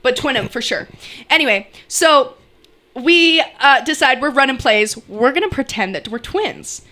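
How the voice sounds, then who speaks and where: Young woman, high voice, podcast co-host, animated storytelling, acts out quotes, laughs often. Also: moderate pace. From Canada. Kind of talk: casual storytelling chat.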